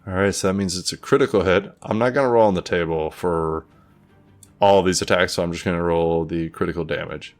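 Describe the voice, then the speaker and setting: A man running a tabletop game as game master, animated and playful, swearing when rolls go badly. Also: low-pitched, fairly quick, faint music behind.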